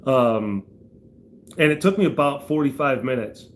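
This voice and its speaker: A man's voice: medium pitch, lively intonation, unhurried. A man livestreaming, telling a rambling anecdote full of fillers and restarts while chatting to his viewers. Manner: laughs through the story, voice jumps up for retold outbursts. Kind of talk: casual storytelling while reading chat.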